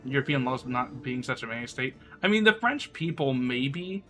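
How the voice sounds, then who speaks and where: A man's voice: medium pitch, animated, normal speed, a bit bright, faint music behind. A sick man streaming live, rambling crudely in casual chat and laughing often.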